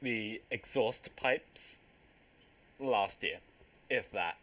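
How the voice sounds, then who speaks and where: A young man, hosting a casual podcast chat, jokey and quick to laugh. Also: lowish voice, bright, forceful tone. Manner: jokey, teasing, laughs often. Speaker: podcast host.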